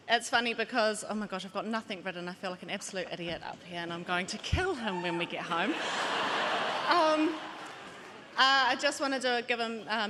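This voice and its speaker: Bright, flustered New Zealand woman. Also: medium pitch. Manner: flustered, giggly, halting with ums. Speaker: winner's wife accepting on his behalf. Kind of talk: unscripted acceptance speech. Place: concert hall stage. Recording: echoing hall with background noise.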